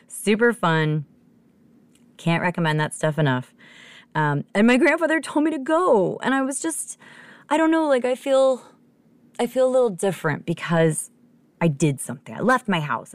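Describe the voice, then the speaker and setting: Animated, profane woman with a low, gravelly voice. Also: dry recording. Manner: profane, animated, laughs often. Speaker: podcast host. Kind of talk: casual storytelling monologue.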